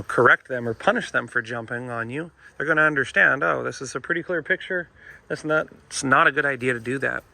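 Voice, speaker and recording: A man's voice: medium pitch, gravelly, pushed and bright. A man who trains dogs, talking to viewers in a chatty, emphatic way and often calling them "folks". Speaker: dog trainer. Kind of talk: casual instructional vlog.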